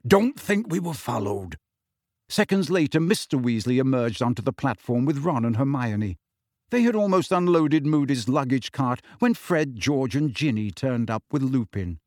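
A man giving expressive audiobook narration in a steady storytelling manner. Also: medium pitch, normal speed, dry recording, clean studio sound. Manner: steady storytelling with shifting character voices.

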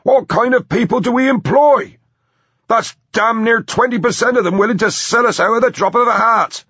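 A man voicing a grumpy, sweary old male mill owner with a gruff, explosive manner. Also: very high-pitched, moderate pace, bright, forceful tone, no room sound, muffled recording, voice pushed up, exaggerated voice. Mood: indignant.

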